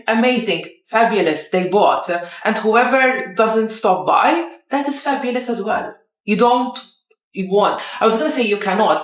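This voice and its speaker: A young woman coach gives a motivational talk, direct and emphatic, driving her points home with rhetorical questions. Her voice sits at an ordinary middle pitch for a woman. The room around her rings with noticeable echo. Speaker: business coach. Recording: roomy echo.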